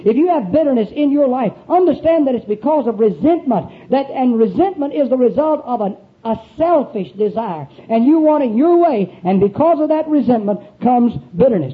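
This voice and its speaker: A man preaching a sermon in a folksy, emphatic way, often putting questions to the congregation. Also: very high voice. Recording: tinny phone-like recording.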